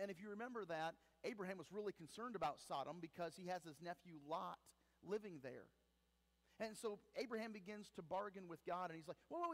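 A man preaching a sermon to his congregation, with emphatic rises and sudden quiet drops. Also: high-pitched. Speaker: pastor. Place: church sanctuary. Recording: long hall reverb.

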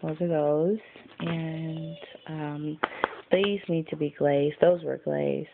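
A tired low gravelly woman vlogger. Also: fairly even intonation, takes it slowly. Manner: rambling and chatty, trailing off mid-sentence. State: tired, yawning. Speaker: vlogger showing her craft pieces. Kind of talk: casual show-and-tell vlog. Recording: tinny lo-fi phone-like sound, faint noise.

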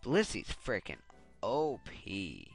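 A man's voice: fairly low pitch, huge pitch swings, slow pace, gravelly, breathy edge. Young man ranting over game music. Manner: frustrated, swearing, ranting. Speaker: Let's Play commentator. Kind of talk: casual gameplay commentary.

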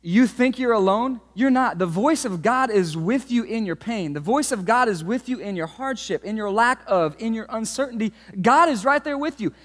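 Pastor, male, 30s, animated storyteller, high voice, big reverberant room. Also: normal speed, few pauses. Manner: animated storytelling, swings from hushed to shouting. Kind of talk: sermon. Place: church auditorium. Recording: long hall reverb.

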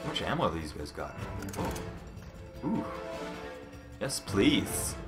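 A Canadian man commentating a video game live, excitable and swearing often. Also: low-pitched, takes it slowly, over music. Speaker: let's play streamer. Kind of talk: casual gameplay commentary.

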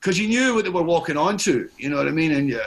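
A man's voice: fairly high pitch, animated, fast talker. A middle-aged man talking as a podcast guest in a rambling, stop-start way, often repeating his words. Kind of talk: casual conversation.

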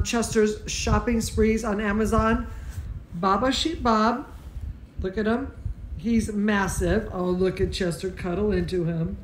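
A woman's voice: a little high, slight background noise, low-quality recording. Doting sing-song woman at bedtime. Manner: sing-song, doting, talks to her pet and viewers like little kids. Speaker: dance studio teacher hosting a live bedtime story. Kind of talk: casual live-stream chat. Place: at home in bed.

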